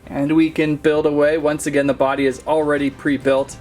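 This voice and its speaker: A man's voice: a little high, level tone, brisk, darkish tone, faint music behind. A man hosting a casual toy unboxing, talking in a playful, jokey, mock-serious way. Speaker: toy channel host.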